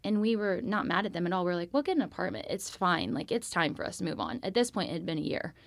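A woman's voice: on the low side, sing-song, quick pace, gravelly, no room sound. A woman in her thirties telling a personal faith story on a podcast, chatty and heartfelt, with many fillers. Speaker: podcast guest. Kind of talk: personal testimony, casual.

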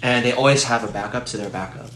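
A young man co-hosting a podcast in casual chat, rambling through animated explanations full of "like". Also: mid-range voice, fast talker. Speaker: podcast co-host. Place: room in a home. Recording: echoey room with steady noise.

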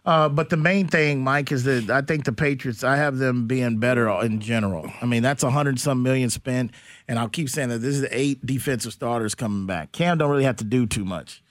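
A man's voice: mid-range voice, fairly quick, no room sound. A man hosting a sports talk radio show from a studio, blunt and opinionated, rambling through his points.

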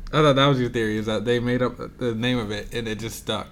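A man co-hosting a relaxed podcast conversation, with dry, wry remarks and easy laughs. His voice sits in a plain middle pitch, and a faint hiss sits under the recording. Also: fast. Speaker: podcast co-host. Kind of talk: casual chat.

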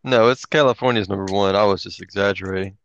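A man's voice: low-pitched, fast talker, muffled recording, a little hiss or hum. A man from Florida in a laid-back, teasing voice chat, tossing in "bro" and ribbing his friends. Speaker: chat participant. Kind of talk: casual online voice chat.

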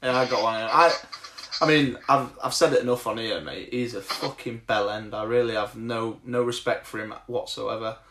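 A man's voice: medium pitch, fairly even intonation, normal speed, sharp tone. An English man hosting a podcast, chatting bluntly about football with plenty of swearing and laughter. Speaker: podcast host. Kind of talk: casual chat. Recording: echoey room.

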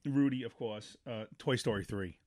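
A middle-aged man chatting on a podcast as a co-host, rambling through stories and jumping into quoted lines with lively, sappy energy. His voice sits right in the middle of the usual male range. The recording is dry and close, with no room sound at all. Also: medium pitch, moderate pace, no room sound. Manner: animated storyteller, acts out movie lines, rambling restarts. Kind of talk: casual chat.

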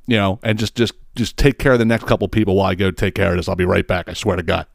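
Man doing a frantic priest, pleading and swearing, low voice, dry sound. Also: flat delivery, fast talker, vocal fry, dry recording. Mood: panicked. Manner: urgent, profane, pleading. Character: panicked middle-aged male priest.

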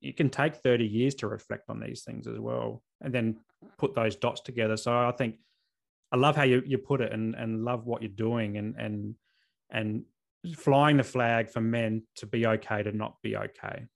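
A man in his thirties from South Australia with an Australian accent, hosting a podcast interview in an earnest, open way with halting restarts. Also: medium pitch, fairly even intonation, vocal fry. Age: 30s. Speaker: podcast host. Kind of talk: casual interview chat.

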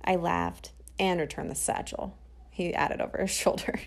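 A woman telling a personal story about her brother, playful and lively, acting out the dialogue. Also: lowish voice, normal speed.

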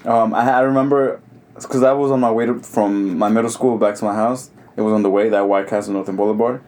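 A man's voice: lowish voice, steady tone, quick pace, a little mellow. A young man co-hosting a podcast, telling rambling stories with frequent laughter. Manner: laughs often, rambling with restarts. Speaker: podcast co-host. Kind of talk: casual storytelling chat.

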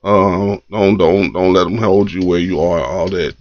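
A man's voice: low-pitched, level tone, unhurried, a little mellow, no echo. Easygoing guy hosting a morning poetry stream, slangy, repeats himself, muffled lo-fi audio. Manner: laid-back, loose slang, repeats phrases. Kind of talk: casual chat reading viewer comments. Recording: dull lo-fi live stream audio.

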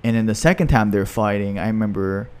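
A man in casual podcast chat, recalling old memories in quick bursts and short reactions. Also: fairly low pitch, darkish tone, smooth.

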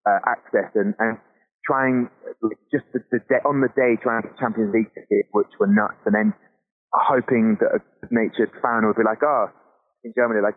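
A man telling football travel stories in casual chat, animated and laughing as he talks. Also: medium pitch, a little fast. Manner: animated, laughs often, frequent restarts. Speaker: podcast guest. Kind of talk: casual chat, storytelling anecdotes. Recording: tinny phone-like line.

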